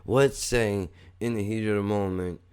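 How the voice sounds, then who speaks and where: A man's voice: fairly low pitch, a little slow, a little mellow, clear, resonant tone. A man hosting a podcast, telling a rambling story in a blunt, profane way. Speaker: podcast host. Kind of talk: casual storytelling monologue.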